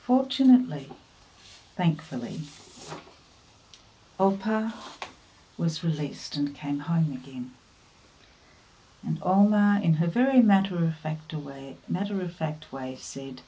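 A woman giving a devotional talk, telling a family story and offering earnest, gentle encouragement. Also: sits low, animated, takes it slowly, pauses often, rough recording. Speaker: devotional speaker.

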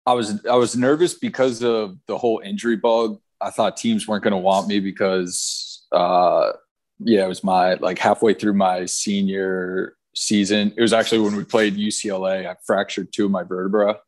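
A young pro soccer player in his twenties relaxes into telling his story in a casual interview, with lots of fillers and repeats. His voice is lowish and his pace moderate.

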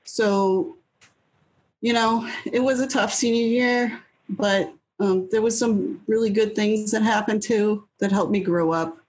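A woman's voice: medium pitch, steady tone, measured pace, a little mellow, slightly rough, poor audio. A woman in her thirties from New Hampshire, a guest telling casual stories in an interview in a blunt way, swearing freely and acting out her own past lines. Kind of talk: casual storytelling.

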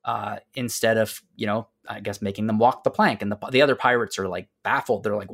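A man hosting a casual podcast, recapping a game's story with lots of fillers and restarts, dropping to quiet asides. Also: fairly low pitch, fairly even intonation, brisk, gravelly, few pauses. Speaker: podcast host.

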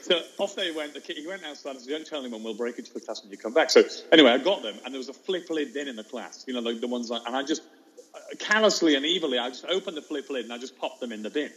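A man, a teacher, telling a classroom story in a fast, lively way and acting out the children's voices. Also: mid-range voice, low-quality recording. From England. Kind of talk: animated storytelling.

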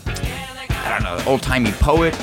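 A man's voice: medium pitch, expressive, slow. Rambling man hosting over music. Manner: rambling, searching for words with many fillers. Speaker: podcast host. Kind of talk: casual music podcast chat. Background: album music playing.

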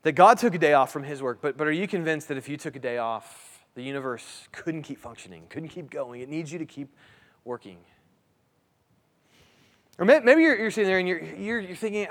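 A man's voice: fairly high pitch, lively intonation, fairly quick. A man in his thirties preaching a sermon in a conversational way, restarting phrases and asking his listeners "right?". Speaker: pastor. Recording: long hall reverb.

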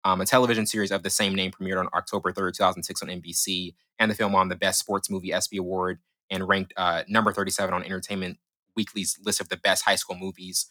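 A man's voice: deep voice, flat delivery, sharp tone, dry recording. A young man co-hosting a casual podcast, reviewing a film with eager, stumbling delivery. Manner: fast, eager, many restarts and fillers. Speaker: podcast co-host.

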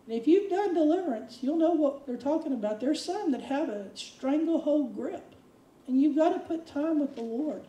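A woman preaching a sermon, animated, acting out quotes with big swings of voice. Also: sits high, moderate pace, echoey room, distant mic, rough recording. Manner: animated, dramatic quoting with voice swings.

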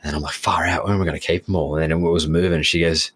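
An Australian man with a bass voice co-hosts a podcast, talking fast with a slightly rough sound. In casual chat he rambles through a long story, retelling it animatedly with lots of acted-out, quoted dialogue.

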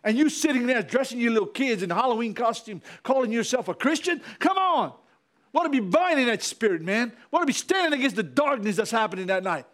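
High-voiced, fiery preacher man. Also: lively intonation, fast, few pauses, fairly bright tone. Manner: fiery preaching with repetition and calls to the congregation. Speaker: pastor. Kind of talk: sermon.

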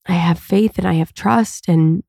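A woman's voice: on the low side, unhurried, gravelly, a little mellow, husky, no echo, studio quality. A woman hosting her own podcast, talking alone in an earnest, confessional, rambling way with many fillers, from home. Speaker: podcast host and coach. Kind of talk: casual solo podcast monologue.

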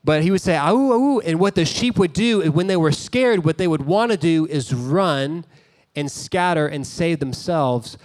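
A man's voice: on the high side, moderate pace, a little mellow. A man preaching a sermon as a pastor, telling a story in a conversational way with casual asides.

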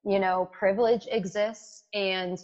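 A woman in her forties from Canada, speaking as a guest in a casual interview. She talks with lively energy in a mid-range voice. The sound is a little dull and lo-fi. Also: medium pitch, unhurried. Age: 40s. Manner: energetic, lively, frequent "like" and "right?". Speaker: guest, tech executive.

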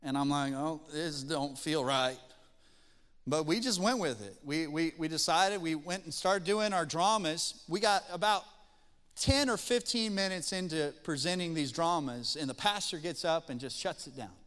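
Man, sermon storytelling, smooth clear voice, slightly high pitch. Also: normal speed, long reverb tail. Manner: folksy, animated storyteller. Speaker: pastor.

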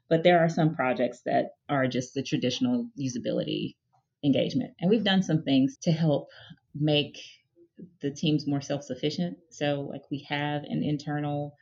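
A woman's voice: sits low, a little mellow, lo-fi sound. A woman guest in an interview, explaining her research team in a thoughtful, conversational way with frequent fillers. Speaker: guest, head of user research.

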